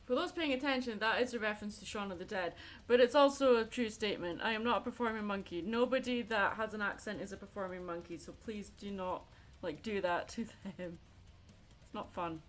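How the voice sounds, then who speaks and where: A woman's voice: medium pitch, a little fast, slight background noise. A young Scottish woman chatting casually while she draws on a livestream, talking about herself with a chatty, self-mocking humor and laughing often. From Scotland. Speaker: artist streamer. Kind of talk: casual chat while drawing on stream. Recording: faint music behind.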